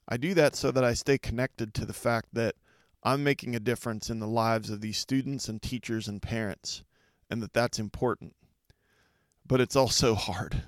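A middle-aged man hosting a podcast, speaking in an earnest, reflective monologue with deliberate pauses. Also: mid-range voice, no echo, clean studio sound. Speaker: podcast host.

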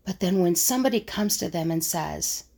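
A woman talks through her thoughts in a reflective solo monologue, her low voice gravelly and husky. She works as a conflict resolution coach and now and then slips into the scoffing tone people use on each other. It sounds musing and personal. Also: lively intonation, normal speed, darkish tone.

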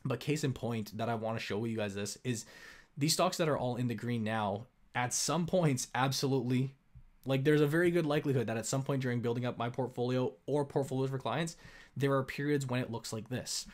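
A young man from Canada talks through his investments in a loose, conversational way. He leans on fillers and restarts, then hits his points with emphasis. His voice sits at an ordinary middle pitch. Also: brisk. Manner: chatty, filler-heavy, emphatic. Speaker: investing channel host. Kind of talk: casual explainer talk.

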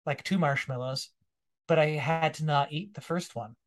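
A man being interviewed as a guest, talking reflectively in a relaxed, storytelling way and laughing now and then. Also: a little high, moderate pace. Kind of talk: casual interview conversation.

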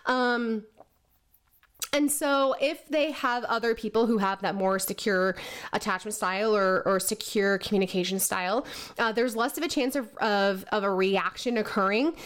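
A woman's voice: mid-range voice, moderate pace. A woman talking casually to camera as a coach, explaining with lots of fillers and "right?" tags, while she has the hiccups.

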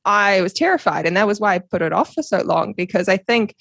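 A young woman with a New Zealand accent, a podcast guest telling her story in a casual, animated way with frequent laughs. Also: medium pitch, a little fast, vocal fry, breathy edge, dry recording. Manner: animated, laughs often, acts out quoted voices.

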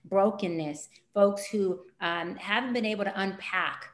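Animated woman coach in an echoey room. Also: a little slow. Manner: animated, acts out client conversations with big pitch jumps. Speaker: guest, life coach. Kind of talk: podcast interview.

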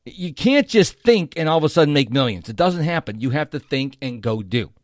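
A man's voice: fairly high pitch, sing-song, a little fast, dry recording, studio quality. A middle-aged man hosting a motivational podcast, talking straight to the listener with emphatic, repeated phrases. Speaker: podcast host.

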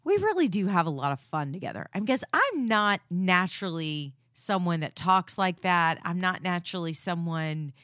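A woman's voice: fairly low pitch, very animated, normal speed, few pauses, fairly bright tone, dry recording, studio quality. A woman co-hosting a marriage podcast, talking with her husband in an earnest, reflective way. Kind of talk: casual chat with her husband.

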